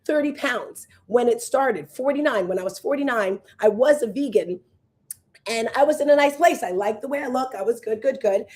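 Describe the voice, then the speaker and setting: A woman in her fifties hosting a show as a fitness coach, chatting casually and telling animated stories to her viewers. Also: on the high side, moderate pace. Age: 50s. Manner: animated storyteller, acts out voices and exclamations.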